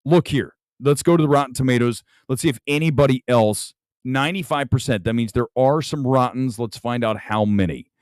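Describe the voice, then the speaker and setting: A man's voice: mid-range voice, a little fast, no echo. A man hosting a live late-night movie talk show from home, ranting furiously and emphatically. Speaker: film critic host.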